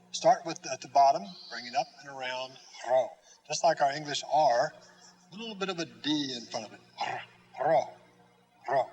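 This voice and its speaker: A man teaching a lesson at a slow, patient pace, pausing often with fillers and demonstrating sounds and letter strokes. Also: mid-range voice, poor audio. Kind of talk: classroom lesson.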